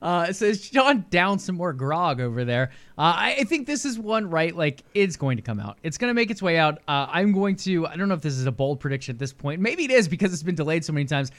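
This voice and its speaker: A young man co-hosting a casual gaming podcast, chatty and speculative, thinking out loud. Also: a little high, sing-song, brisk, few pauses. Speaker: podcast co-host.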